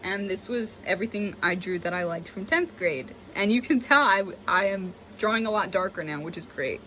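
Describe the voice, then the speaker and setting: A woman's voice: mid-range voice, normal speed, a little hiss or hum. A young woman giving a casual, self-mocking tour of her old sketchbook as a vlogger. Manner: chatty, self-mocking, animated. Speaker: artist and vlogger.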